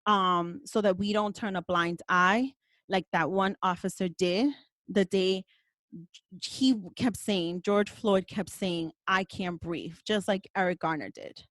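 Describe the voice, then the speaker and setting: A woman's voice: mid-range voice, fairly even intonation, unhurried, a bit bright, no room sound. A woman hosting a podcast, talking in a passionate, emphatic way and swearing now and then. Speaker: podcast host. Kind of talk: casual podcast conversation.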